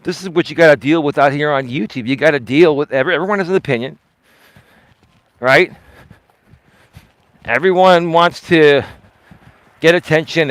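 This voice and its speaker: Male live-stream host, emphatic and defensive, speaks straight to chat; a fairly high voice, recorded dry and close. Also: fairly bright tone, clear, resonant tone, no room sound. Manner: emphatic and defensive, repeats himself; talks straight to chat, asks pointed questions. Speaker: livestream host. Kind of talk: casual live-stream commentary.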